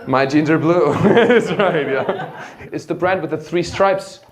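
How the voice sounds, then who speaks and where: A man's voice: a little high, measured pace. Brash man doing stand-up. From Germany. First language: German. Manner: brash, swearing, mock-shouting in German. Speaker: stand-up comedian. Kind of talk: stand-up crowd work. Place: comedy club stage with a laughing crowd. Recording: loud crowd laughter around the voice.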